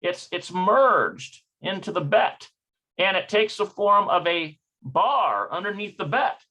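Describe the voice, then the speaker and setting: A man's voice: sits high, expressive, takes it slowly, bright, forceful tone. A man working through a textbook lesson aloud, hesitant and self-correcting as he sounds out words. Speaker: language learner teaching from a textbook. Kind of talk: thinking-aloud study session.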